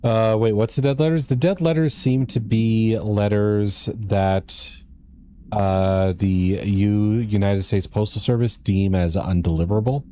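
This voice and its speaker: A man's voice: on the low side, steady tone, unhurried, dark tone. A man streaming a game live, chatting casually with his viewers and reading in-game letters aloud.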